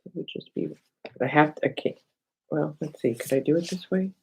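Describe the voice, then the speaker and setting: A woman's voice: low-pitched, brisk, vocal fry, warm tone, slightly rough, poor audio. Chatty middle-aged woman crafting at home. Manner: chatty, thinks aloud, talks to herself and viewers by name. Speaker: craft livestream host. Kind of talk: casual crafting demo chat with viewers.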